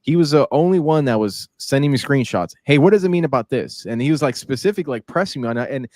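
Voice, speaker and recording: Brief: mid-pitched man as the event organizer, relaxed and chuckling, dry close sound. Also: fast, dry recording. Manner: laughs easily, hesitant restarts while recalling details. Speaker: competition organizer and podcast host. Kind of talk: casual chat.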